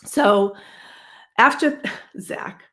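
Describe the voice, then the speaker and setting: A woman's voice: fairly high pitch, extremely slow, bright, forceful tone. Chatty woman hosting a live stream. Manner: chatty, digressive, with frequent restarts and asides. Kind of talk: casual live-stream talk. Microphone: streaming setup.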